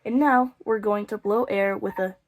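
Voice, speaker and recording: A woman's voice: medium pitch, steady tone, normal speed. A young woman teaching beginner flute, explaining step by step with playful, self-mocking jokes. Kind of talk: casual instructional video.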